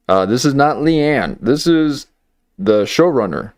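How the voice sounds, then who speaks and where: Low voiced guy commenting on clips live, super animated, dry sound. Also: slow pace, no room sound. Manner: animated, worked up, talks back to clips. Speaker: livestream commentary host.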